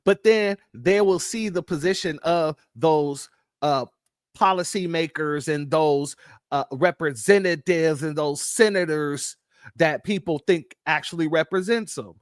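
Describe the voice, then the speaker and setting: A man's voice: a little high, a little slow, no room sound, studio quality. A man hosting a casual political commentary show, emphatic and talking straight to his viewers as family.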